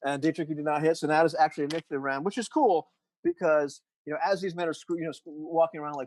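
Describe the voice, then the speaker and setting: A man's voice: on the high side, steady tone, fast talker, darkish tone, a little hiss or hum, rough recording. A man running a tabletop game as game master, narrating in a rambling way with many restarts. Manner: rambling, full of restarts and "you know".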